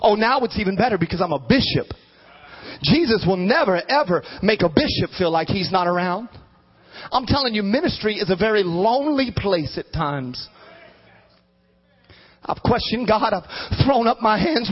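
A man with a strikingly high voice preaches a sermon as a bishop, rising into fervent shouts and then dropping to quiet asides. The recording is dull and lo-fi. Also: big pitch swings, normal speed, husky. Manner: emphatic preaching, swinging from shouts to low asides.

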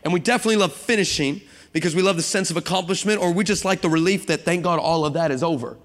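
A man preaching a sermon to a congregation, lively and humorous, building up to shouting passages. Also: high voice, fast talker. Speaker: guest preacher. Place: church sanctuary with congregation. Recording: long hall reverb.

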